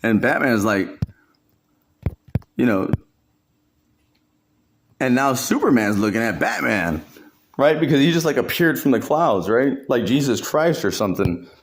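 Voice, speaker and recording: A man narrates a comedy voiceover in a casual, laughing style, his pitch leaping all over the place. His talk is loose and full of slang and swearing. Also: sing-song, unhurried, long pauses, slight background noise.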